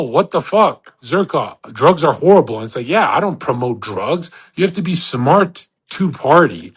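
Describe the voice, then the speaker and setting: A man's voice: fairly high pitch, husky. A man hosting a live audio chat room, boasting and ranting crudely in a rambling way, with many restarts and acted-out quotes.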